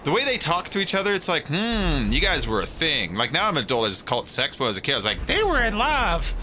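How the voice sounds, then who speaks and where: A man's voice: on the high side, animated, fast, noisy background. Playful male game streamer. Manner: playful, laughing, chatty. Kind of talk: casual gaming stream chat. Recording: game music behind voice.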